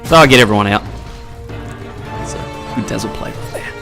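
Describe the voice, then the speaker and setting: A young man casually commenting on his own gameplay, chatty and quick to laugh, getting excitable in tense moments. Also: fairly low pitch, vocal fry. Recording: faint background music.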